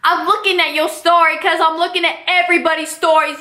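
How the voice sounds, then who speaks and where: A young woman telling a story in a casual vlog, sassy and animated, full of slang. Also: very high-pitched, fairly quick, few pauses, roomy sound. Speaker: vlogger.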